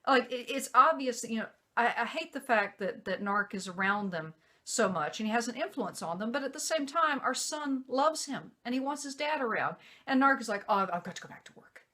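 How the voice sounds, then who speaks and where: A woman's voice: on the high side, moderate pace, few pauses. A woman vlogger telling a personal story in a casual way, acting out what other people said. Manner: animated, acts out quoted voices.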